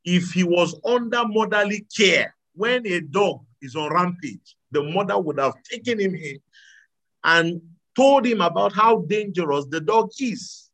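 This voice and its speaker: A man preaching a sermon to a live audience, animated, swinging between loud exclamations and quiet asides. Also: high voice, measured pace, poor audio. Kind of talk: sermon with audience call-and-response.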